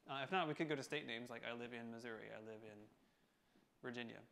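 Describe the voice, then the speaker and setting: Male coding instructor, gravelly mid-pitch voice, casual screencast, talks it through with ums and restarts. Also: fast, fairly bright tone. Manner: thinking aloud, many fillers and self-corrections.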